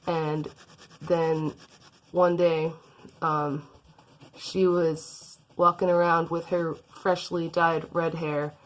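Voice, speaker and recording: Brief: lower-voiced woman rambling through an improvised story while drawing. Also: level tone, extremely slow. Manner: rambling, many ums.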